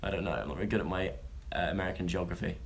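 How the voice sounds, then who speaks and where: Reading strange news stories to his viewers, a young vlogger chats casually, joking and rambling. He talks very fast in a low, creaky voice, and there's a little hiss or hum on the recording.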